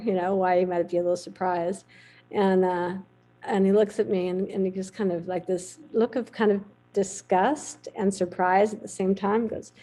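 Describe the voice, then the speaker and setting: Middle-aged woman vet telling a story on a podcast, gravelly and mellow, acts out the voices. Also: medium pitch, rough recording. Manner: lively anecdotal storytelling, acts out quoted voices. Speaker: veterinarian guest.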